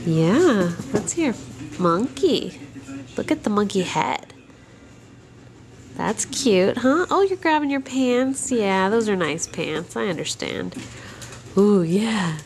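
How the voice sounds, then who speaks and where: A young woman, a mother filming her babies at home on a handheld camera, talks to them in gentle, cooing baby talk. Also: mid-range voice, lively intonation, takes it slowly, a little hiss or hum. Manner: sing-song, cooing, gentle. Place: home living room.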